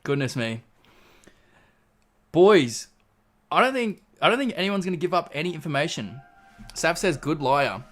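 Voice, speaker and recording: A man's voice: fairly high pitch, very animated, moderate pace, pauses often, a bit bright. Laid-back Australian man streaming. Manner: laid-back, swears casually, reads out chat messages. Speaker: livestream host. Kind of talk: casual livestream chat.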